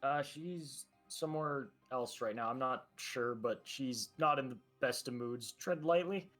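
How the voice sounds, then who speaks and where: A man voicing an awkward, friendly teenage boy superhero who talks haltingly. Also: medium pitch, fairly bright tone, soft background music, natural voice. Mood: earnest. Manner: halting, full of "like" and restarts. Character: awkward teen boy hero, flustered and friendly.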